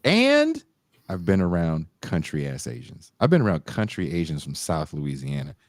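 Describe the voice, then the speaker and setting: A deep-voiced man co-hosts a casual podcast, his pitch leaping around as he tells stories and mimics people. The sound is dry and close, with no room around it. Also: moderate pace, dry recording. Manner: animated storytelling, mocking voices and laughing. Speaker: podcast co-host. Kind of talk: casual chat.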